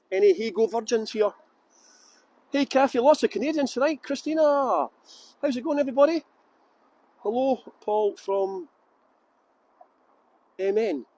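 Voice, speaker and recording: A man's voice: high voice, normal speed, long pauses, a little mellow, no room sound. A Scottish man hosting a live virtual tour outdoors, chatting upbeat and greeting viewers by name. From Scotland. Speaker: tour guide host.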